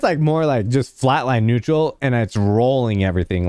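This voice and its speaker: A man's voice: mid-range voice, animated, normal speed, a little mellow, clear, resonant tone, dry recording, clean studio sound. A young man casually chatting with his livestream viewers, rambling and filling his talk with "like". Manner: rambling, heavy use of "like" fillers; laid-back, talks to chat.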